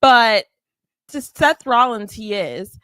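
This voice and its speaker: A young woman with a bright, fairly high voice chats casually as a podcast co-host. She retells events in an animated way and slips into quoted asides, and the sound is close and dry. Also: slow, no room sound. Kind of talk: casual chat recapping wrestling.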